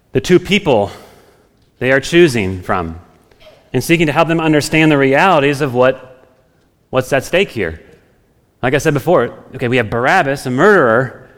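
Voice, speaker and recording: A male pastor preaching in an easy, conversational way, thinking out loud with homely examples. His mid-pitched voice rings out with a long hall reverb behind it. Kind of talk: expository sermon.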